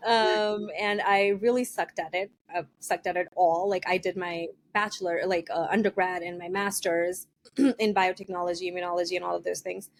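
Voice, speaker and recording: A woman's voice: on the low side, steady tone, normal speed. A woman author being interviewed, talking casually with a nasal voice from a cold, hesitant with many ums and frequent laughs. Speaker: author guest.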